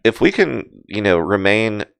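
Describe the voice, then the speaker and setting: A man's voice: on the low side, big pitch swings, unhurried, gravelly, a bit bright, clean tone, no room sound. A man giving casual live crypto chart commentary, rambling with many fillers and self-deprecating asides. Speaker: crypto market streamer.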